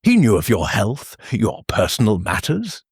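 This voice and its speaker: A shrewd, soft-spoken detective voiced by a male narrator presses with quiet, deliberate questions. The voice is husky and unhurried, its pitch rising at the ends of questions. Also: wildly swooping pitch, dry recording, clean studio sound, heavily acted. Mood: probing.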